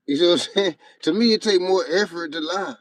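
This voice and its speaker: A man's voice: sits high, fairly quick, dry recording. Blunt, profane man chatting on a livestream. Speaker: livestream host. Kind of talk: casual livestream chat.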